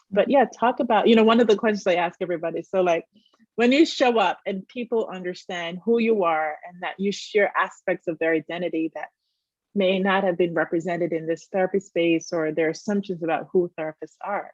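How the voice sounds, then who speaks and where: A woman hosting an interview, talking in a lively, chatty way with many fillers and quick laughs. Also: fairly low pitch, dry recording. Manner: animated, laughs often, lots of fillers. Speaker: host. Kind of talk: casual interview chat. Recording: muffled dry video-call audio.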